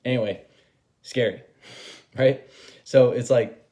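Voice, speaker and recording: A man's voice: medium pitch, fairly even intonation, takes it slowly, dark tone. A man giving a casual tarot reading, chatty and rambling, swearing freely and laughing at himself. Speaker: tarot reader.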